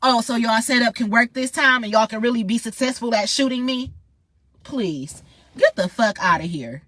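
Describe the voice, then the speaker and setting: A woman's voice: on the high side, moderate pace, a bit bright, no room sound. A woman ranting in a heated, profane, confrontational monologue straight to her viewers. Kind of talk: angry monologue vlog.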